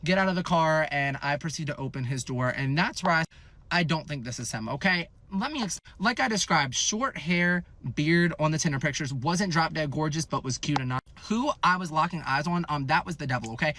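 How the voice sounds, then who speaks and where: A man in his twenties telling a casual storytime tale, animated and profane, acting out what people said. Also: fairly high pitch, brisk. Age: 20s.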